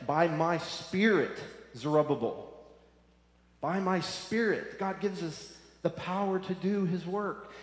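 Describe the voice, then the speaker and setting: A man's voice: fairly high pitch, a little mellow. A man preaching a sermon, earnest and repeating phrases for emphasis. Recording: echoey hall.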